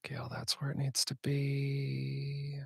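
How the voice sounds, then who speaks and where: Man, slightly scratchy voice, casual stream chatter, unhurried, dry close sound. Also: medium pitch, completely flat delivery, creaky, breathy edge, no echo. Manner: rambling self-talk while setting up software. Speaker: streamer and audiobook narrator. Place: home recording setup.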